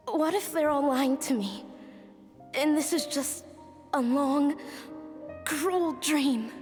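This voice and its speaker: A woman's voice: sits high, a little mellow, in a large hall. A tender young mother's diary. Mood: grieving. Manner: reflective, tender narration. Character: young mother writing her heartfelt diary.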